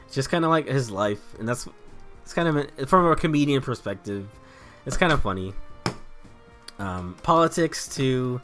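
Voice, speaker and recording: A man's voice: mid-range voice, animated, moderate pace, long pauses, fairly bright tone, faint music behind. A man giving casual commentary while playing a video game, rambling, joking, swearing and laughing often. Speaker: let's play host.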